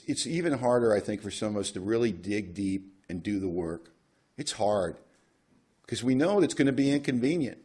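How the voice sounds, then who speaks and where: Husky man telling a wry story. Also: mid-range voice, a little mellow. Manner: wry, self-mocking storyteller. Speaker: speaker at a recovery workshop. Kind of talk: storytelling talk.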